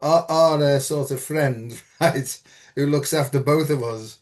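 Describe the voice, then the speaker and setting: A man's voice: fairly high pitch, measured pace. Blunt, swearing man. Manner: blunt, earthy, swears freely, tells stories with quoted dialogue. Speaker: host. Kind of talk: frank conversational chat.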